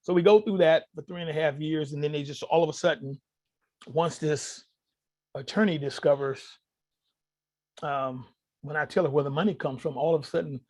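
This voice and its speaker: Husky man telling war stories. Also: a little high, normal speed, long pauses. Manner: animated, addresses listeners directly. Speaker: podcast guest. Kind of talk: casual storytelling to an audience.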